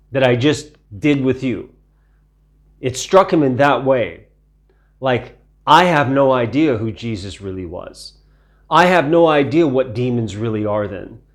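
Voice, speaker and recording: Brief: slow-talking male preacher from Ukraine, mid-pitched, lingers on key phrases and poses rhetorical questions. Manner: deliberate, repeats phrases for emphasis, rhetorical questions. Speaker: Bible teacher. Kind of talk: sermon-style Bible teaching.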